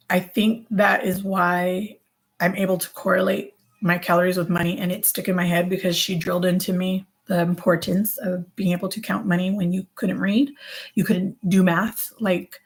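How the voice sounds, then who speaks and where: Woman vlogger, low gravelly voice, rambling casual chat, lots of ums. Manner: rambling, chatty, with many fillers and self-corrections.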